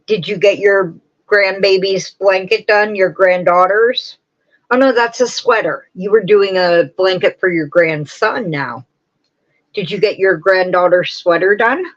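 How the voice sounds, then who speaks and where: A woman hosts a relaxed crafting livestream, drifting from one thought to the next and stopping to answer viewers' comments. She talks slowly and unhurriedly. The audio is dull and lo-fi. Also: medium pitch. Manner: rambling, chatty, answers chat comments. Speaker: host of a live crafting stream. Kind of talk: casual chat with live viewers.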